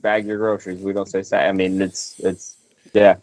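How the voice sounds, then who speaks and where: A man's voice: sits low, flat delivery, moderate pace, darkish tone, rough recording. A man from Houston, a guest joining a casual podcast over a video call, joking in an easygoing way. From Houston, Texas.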